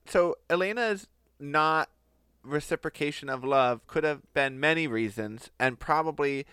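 Clear-voiced man telling a story. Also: fairly high pitch, unhurried, bright, forceful tone, no echo. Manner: laughing, conversational storyteller. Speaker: podcast co-host. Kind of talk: casual storytelling chat.

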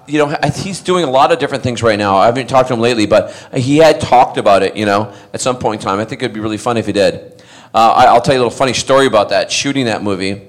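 Middle-aged male actor, chatty fan Q&A storyteller, laughs a lot, rambles and restarts lines. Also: medium pitch. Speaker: actor answering fan questions. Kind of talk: anecdotal convention Q&A.

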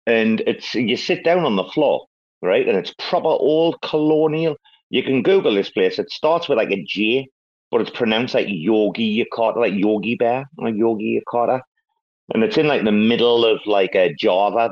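A man from England, chatting casually and swearing freely. His voice sits a little low. The audio is dull and lo-fi. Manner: sweary, storytelling, animated. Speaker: podcast host. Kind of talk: casual chat.

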